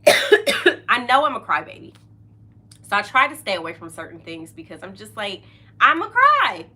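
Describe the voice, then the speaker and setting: A woman's voice: medium pitch, lively intonation, normal speed, bright, forceful tone. A middle-aged woman hosting a podcast, chatting casually and openly, often laughing and trailing off mid-sentence. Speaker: podcast host. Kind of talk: casual chat.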